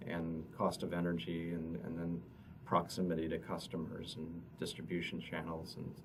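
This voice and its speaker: Low gravelly man, halting, distant mic. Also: monotone. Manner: halting, repeats words often. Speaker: economist presenting survey results. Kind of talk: press conference answers. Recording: distant mic with noticeable noise.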